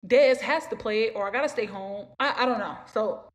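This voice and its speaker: A young woman with a fairly high voice delivers a brisk podcast monologue. Her long story wanders, turns emotional, and keeps repeating itself.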